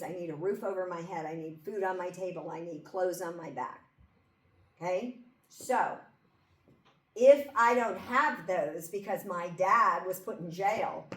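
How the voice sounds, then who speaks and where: A woman's voice: lowish voice, fairly bright tone. A woman giving a classroom lecture in a conversational way, often checking in with her listeners by asking 'okay?' and 'right?'. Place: lecture room. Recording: echoey room, mic far off, faint background hum.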